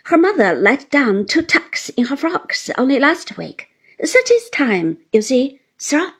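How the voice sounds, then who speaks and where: A woman voicing a mild, meek elderly little man, a country doctor, who speaks slowly, with deference and apology. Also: sits high, sing-song, heavily acted. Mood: meek, deferential.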